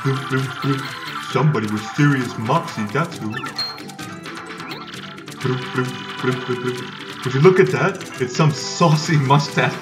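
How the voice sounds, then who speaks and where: A man's voice: mid-range voice, a little slow, long pauses, reverberant, close to an everyday voice. A man voicing a brash giant squid monster who bloops between his lines. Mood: taunting. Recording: distant mic with loud game music.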